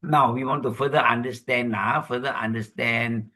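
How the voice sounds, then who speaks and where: Bright-voiced Malaysian man teaching Dharma. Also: mid-range voice, fairly even intonation. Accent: Malaysian English. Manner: explanatory, checking in with "okay?" and "huh?"; slow measured chanting of Pali verses. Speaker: Dhamma speaker. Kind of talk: Buddhist teaching talk with Pali recitation.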